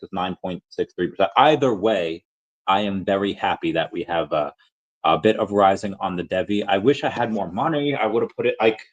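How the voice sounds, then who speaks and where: A man hosting a podcast, rambling through a casual market update, often correcting himself mid-sentence. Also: fairly low pitch. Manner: rambling, self-correcting, upbeat. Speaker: podcast host.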